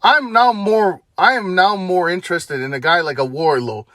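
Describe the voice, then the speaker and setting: Young male vlogger, fed-up foul-mouthed rant, slightly high voice, dry close sound. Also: moderate pace, bright, forceful tone, no echo. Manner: heated, profane, exasperated ranting. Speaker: wrestling commentary vlogger. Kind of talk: ranting opinion vlog.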